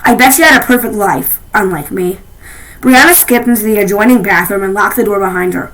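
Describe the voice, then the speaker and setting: A woman reading a children's novel aloud, expressive, with frequent restarts. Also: mid-range voice, fairly quick, poor audio. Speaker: reader.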